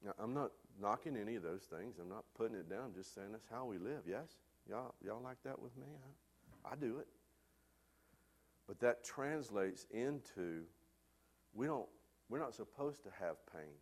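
A man preaching a sermon, telling a lively personal story before turning to a quieter, earnest point. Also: on the low side, moderate pace. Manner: animated storyteller, loud hollering peaks. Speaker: pastor.

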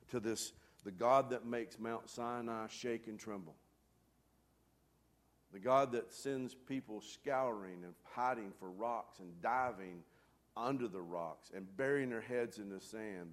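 His pitch fairly low, a pastor gives his congregation a forceful sermon, dropping from loud calls into near-whispers and posing questions straight to the people present.

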